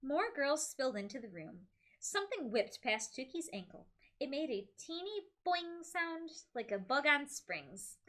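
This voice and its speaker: A woman's voice: fairly high pitch, fairly bright tone. A young woman reading a novel aloud on a comedy podcast, breaking off for amused, chatty asides. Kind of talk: comedic read-aloud with commentary.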